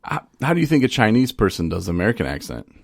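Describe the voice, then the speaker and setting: A man's voice: fairly low pitch, very animated, quick pace, gravelly, no room sound, clean studio sound. A man co-hosting a casual podcast about recovery, joking and rambling, often cutting himself off mid-thought. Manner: joking, rambling, self-interrupting. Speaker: podcast co-host.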